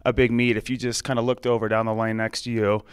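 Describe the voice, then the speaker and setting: A man's voice: fairly low pitch, flat delivery, fast talker, smooth, dry recording. A man hosting a sports radio interview, asking playful, joking questions.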